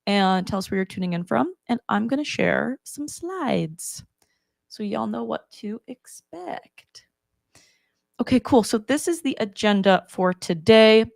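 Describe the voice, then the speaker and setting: A woman's voice: medium pitch, no room sound, studio quality. A woman hosting a live webinar as community manager, upbeat and friendly, with frequent "um" fillers, on a video call.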